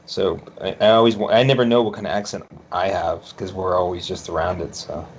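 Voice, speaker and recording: A man's voice: deep voice, steady tone, a little fast, breathy edge. A man co-hosting a podcast, laid-back and joking, chiming in with short comments in casual chat. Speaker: podcast co-host. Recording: slightly dull lo-fi sound.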